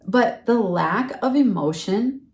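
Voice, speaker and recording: A middle-aged woman chatting earnestly as a podcast guest, explaining at length with lively asides. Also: mid-range voice, takes it slowly. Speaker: podcast guest, friendship workshop leader. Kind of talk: casual conversational chat. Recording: roomy and a bit far from the mic.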